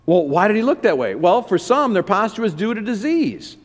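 High-voiced preacher man in a big hall. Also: a little fast. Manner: animated, asks the audience questions. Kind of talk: sermon. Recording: long hall reverb.

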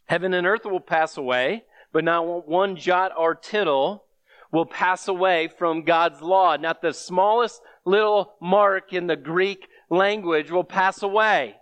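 A man's voice: sits high, unhurried, a bit bright, no echo. A man preaching a sermon with earnest delivery, reading scripture aloud to his congregation.

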